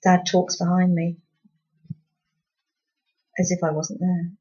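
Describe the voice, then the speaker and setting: A woman's voice: fairly low pitch, completely flat delivery, slow, dark tone, lo-fi sound. A woman reading her own novel aloud in first-person storybook narration, with a dry, wry tone.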